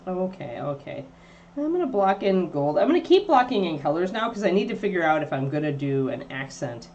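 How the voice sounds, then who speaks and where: Chatty woman with lively pitch. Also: fairly quick, lo-fi sound. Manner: rambling and chatty, baby-talking to her dog in a high voice. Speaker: miniature painting livestream host. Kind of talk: casual livestream chat while painting.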